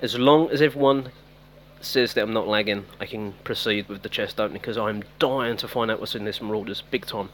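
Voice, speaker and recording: A man's voice: fairly low pitch, a little fast, fairly bright tone, a little hiss or hum. A man giving casual live-stream commentary on a mobile game, chatting with viewers by name. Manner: chatty, talks to viewers by name, self-teasing.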